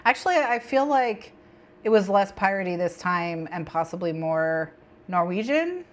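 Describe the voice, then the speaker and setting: A woman's voice: medium pitch, expressive, normal speed. A woman hosting a co-working stream, chatting with viewers and her cat, giggling and repeating herself. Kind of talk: casual stream chat.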